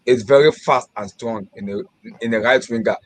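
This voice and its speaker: A man in a casual online football hangout, giving his views in quick, halting bursts full of restarts. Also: mid-range voice. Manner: fast, halting, with many restarts. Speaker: guest panelist.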